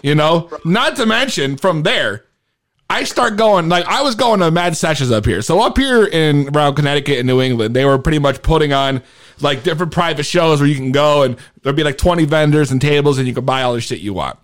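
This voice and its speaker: Animated high-voiced man hosting a podcast. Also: fairly quick. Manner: excitable, laughs often, swears freely. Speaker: podcast host. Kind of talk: casual podcast interview.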